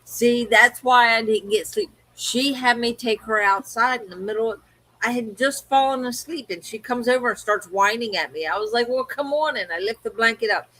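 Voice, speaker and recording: A woman's voice: on the high side, moderate pace, sharp tone, poor audio. A woman from Maryland co-hosting a livestream, telling stories in casual chat and laughing often. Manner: chatty storyteller, laughs often. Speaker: livestream co-host.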